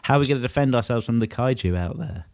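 A man's voice: medium pitch, expressive, fast talker, a little mellow, no room sound. Man joking, dry close sound. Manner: joking, laughs often. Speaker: podcast co-host. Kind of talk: casual comedic chat.

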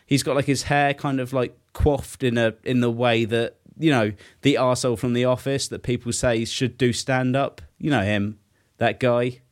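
A young man chats casually on a podcast, winding through a story with plenty of fillers and the odd swear. His voice sits at an ordinary mid pitch, and his tone is loose and conversational. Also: steady tone, moderate pace. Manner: rambling anecdote full of fillers and swearing. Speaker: podcast co-host. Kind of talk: casual chat.

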